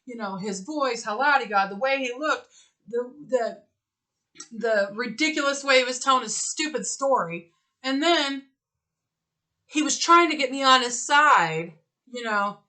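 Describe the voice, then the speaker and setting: Bright high-voiced woman telling a story. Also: a little slow, rough recording. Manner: animated, acts out both sides of a story, swears freely. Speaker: co-host. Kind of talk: casual storytelling chat.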